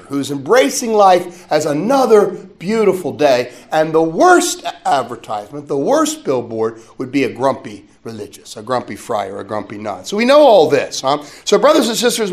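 A man, a friar, preaching a sermon to a religious conference in an animated, conversational way, with asides to his listeners. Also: on the high side. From United States.

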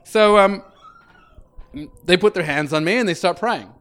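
Man telling his faith story, fairly high voice. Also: measured pace, fairly bright tone, smooth. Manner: conversational, many fillers, acts out quoted lines. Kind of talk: personal testimony storytelling.

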